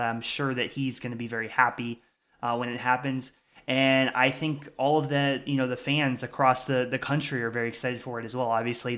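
A man's voice: mid-range voice, a bit bright. Chatty man talking college basketball. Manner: chatty, frequent restarts and fillers. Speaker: sports podcast co-host. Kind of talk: casual sports talk.

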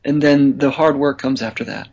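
A man being interviewed as a songwriter guest, talking in a relaxed, chatty way and laughing easily. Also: medium pitch, normal speed, muffled recording. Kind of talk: casual interview chat.

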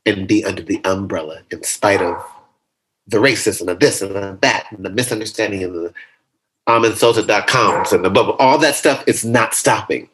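Playful, animated man with a low voice. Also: moderate pace, slightly rough, poor audio. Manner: animated, playful, jumps into high comic voices. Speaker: interview guest. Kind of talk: casual interview conversation.

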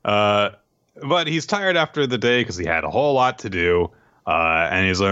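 A man co-hosting a casual podcast, recapping an anime with animated, laughing delivery and acting out the characters' lines. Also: lowish voice, normal speed, clean tone, highs cut off. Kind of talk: casual chat.

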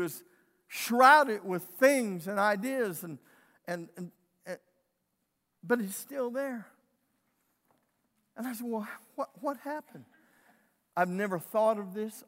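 A man preaching a sermon as pastor, telling a story, moving between loud emphatic lines and quiet retelling. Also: sits high. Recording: long reverb of a church hall.

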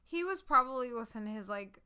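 A woman in her thirties telling a story in casual chat, animated and swearing freely. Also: fairly high pitch, a little fast, clear, resonant tone. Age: 30s.

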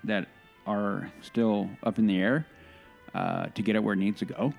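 A man's voice: on the low side, steady tone, normal speed, vocal fry, darkish tone, faint music behind. A man co-hosting a podcast, telling a long, enthusiastic, rambling story in casual chat. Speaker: podcast co-host.

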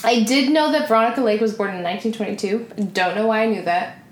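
A woman's voice: on the high side, quick pace. Playful woman in an echoey room. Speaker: podcast guest. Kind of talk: casual chat about a film.

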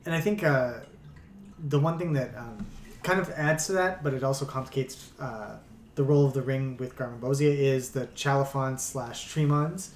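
A man co-hosting a casual podcast, rambling as he thinks aloud with plenty of hesitations. His voice is mid-pitched and echoes around the room. A faint hum of ambience sits underneath. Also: normal speed. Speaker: podcast co-host.

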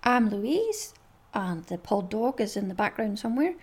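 A woman's voice: mid-range voice, big pitch swings, moderate pace, slightly rough. A woman with a Scottish accent hosting a casual chat podcast, chatty and bubbly, laughing often. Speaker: podcast host.

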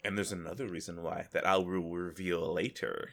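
A man co-hosting a casual gaming podcast, animated and joking, slipping into silly voices. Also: low voice, fairly quick. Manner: animated, breaks into exaggerated voices for jokes. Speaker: podcast co-host.

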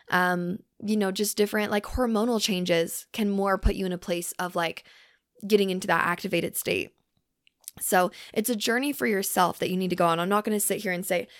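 A young woman hosting her own podcast, talking loosely with lots of fillers and the odd swear, softly emphatic. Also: medium pitch, no room sound, clean studio sound. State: hungry from fasting. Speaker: podcast host. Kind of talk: casual solo podcast talk.

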